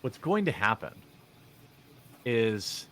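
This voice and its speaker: A man's voice: lowish voice, big pitch swings, takes it slowly, bright, forceful tone, slight background noise. A man giving opinionated commentary on video clips in a sarcastic, mocking, rambling way with many fillers. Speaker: commentary vlogger.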